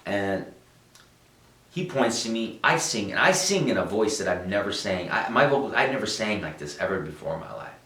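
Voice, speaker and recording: Young guy w a low voice telling stories, kinda far from the mic in an echoey room. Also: moderate pace. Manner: animated storyteller, acts out quotes, frequent restarts. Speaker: musician interviewee. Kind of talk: storytelling interview answers. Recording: roomy, distant mic.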